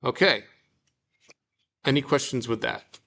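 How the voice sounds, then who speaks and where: Bright-voiced man teaching Greek. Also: mid-range voice, gravelly. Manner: explains slowly, reads example sentences aloud, casual fillers. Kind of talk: relaxed classroom teaching.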